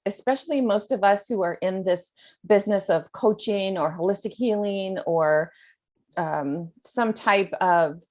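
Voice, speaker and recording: A woman's voice: mid-range voice, a little mellow. Earnest woman coach on a video call. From United States. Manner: earnest, rambling with fillers. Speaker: spiritual coach, host. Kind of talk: spiritual talk on a video call.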